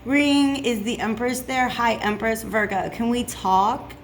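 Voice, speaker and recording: A woman's voice: on the high side, fairly even intonation, unhurried, a little hiss or hum. A woman voicing the universe as a chipper caller, coaxing and playful in a mock phone-call voice.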